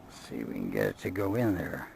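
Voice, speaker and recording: A man's voice: deep voice, big pitch swings, quick pace, vocal fry, darkish tone, slight background noise, low-quality recording. An older man giving a chatty running commentary outdoors as he works on his car. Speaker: vlogger. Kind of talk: casual do-it-yourself vlog.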